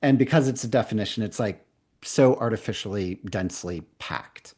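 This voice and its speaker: A man leading a live online coaching workshop, talking casually and playfully, then reading a definition slowly for note-taking. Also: lowish voice, darkish tone, breathy edge. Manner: conversational, playful, reads slowly for dictation. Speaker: coaching trainer.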